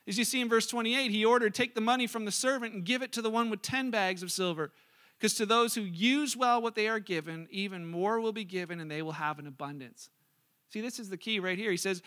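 A man's voice: high-pitched, bright, forceful tone. A man preaching a sermon in a conversational way, reading scripture and acting out the lines of people in his examples. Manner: conversational preaching, acts out characters' lines with rising energy. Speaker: pastor.

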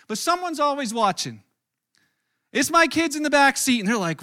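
Pastor guy telling funny stories in a sermon, really high voice, acts out the quotes. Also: fairly quick. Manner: animated, self-mocking anecdotes with acted-out quotes. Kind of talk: storytelling sermon.

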